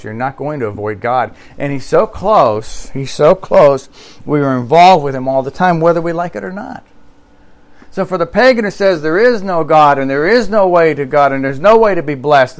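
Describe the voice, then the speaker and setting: A male pastor preaching a sermon, reading scripture and quotes aloud and repeating key phrases with slow emphasis. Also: medium pitch.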